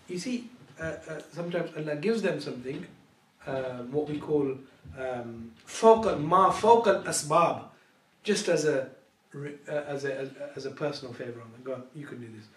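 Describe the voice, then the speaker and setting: A man's voice: a little high, a bit bright. A man giving a Quran lesson lecture, telling stories animatedly, often repeating himself and laughing. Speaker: Islamic scholar lecturer. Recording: echoey room, distant mic, faint noise.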